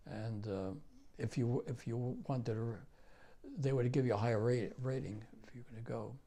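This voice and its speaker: Gravelly older New York man. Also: medium pitch, fairly even intonation, dark tone. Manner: halting, repeats phrases, many fillers. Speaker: war veteran interviewee. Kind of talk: recounting memories in an interview.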